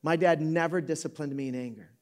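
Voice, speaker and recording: A Michigan pastor in his fifties speaks quickly in a slightly high voice. He preaches conversationally to a live auditorium crowd, joking and correcting himself while telling a story.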